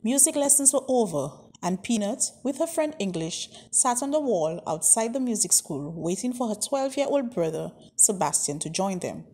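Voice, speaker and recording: A woman reading a children's story aloud with an expressive, varied delivery. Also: mid-range voice, moderate pace, hardly any pauses. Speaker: narrator.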